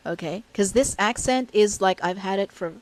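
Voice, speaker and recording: A woman's voice: mid-range voice, moderate pace, no echo. A woman with a Filipino accent giving casual, blunt advice on interviewing virtual assistants, switching freely between English and Tagalog with plenty of fillers.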